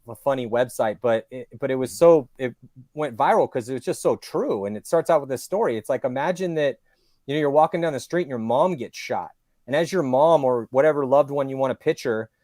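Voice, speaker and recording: Long-winded man, animated and dry. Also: on the high side, no echo. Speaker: podcast guest. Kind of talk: casual podcast talk.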